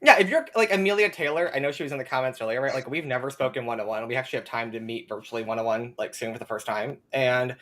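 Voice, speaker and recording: A young man talking as a guest on a live chat, animated and sarcastic, with frequent profanity and laughter. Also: mid-range voice, fast talker, few pauses.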